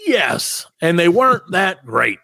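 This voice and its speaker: Pitched high but taking it slowly, this middle-aged dad's gravelly voice carries a profane, animated anecdote on a podcast he co-hosts. He acts out each character in the comic story, captured as a dry, clean studio recording.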